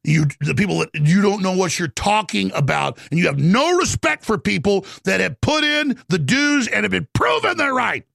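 A middle-aged male radio host in an angry rant, his voice rough and gravelly and pitched high. The pitch swings widely as he works himself up and breaks into shouts. The studio sound is dry and close. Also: lively intonation, normal speed, few pauses, no echo. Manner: ranting, agitated, shouting bursts. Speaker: radio talk show host. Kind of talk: heated political monologue.

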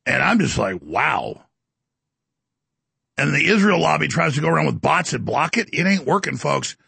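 A commentary show host rants his way through a boastful political monologue, his high voice swinging widely with a very gravelly, husky edge and a sharp, forceful tone. He slips into mocking voices as he goes. His intonation is lively, his pace quick, and there's no room sound.

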